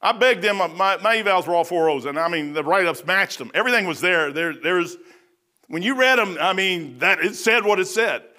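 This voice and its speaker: High-voiced, bright folksy male preacher. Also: brisk. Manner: folksy, conversational, peppered with "man"; animated, swings from loud to hushed. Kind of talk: sermon.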